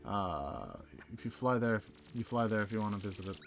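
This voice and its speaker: A man's voice: fairly low pitch, lively intonation, moderate pace, soft background music. A man live streaming a game, chatting casually in a rambling way and answering viewer messages aloud. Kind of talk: casual chat while gaming.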